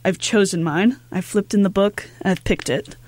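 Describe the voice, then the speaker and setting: A woman's voice: medium pitch, normal speed, a little mellow, no room sound. Upbeat female radio host, casual chat with fillers, dry close studio sound. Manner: chatty and upbeat, many fillers.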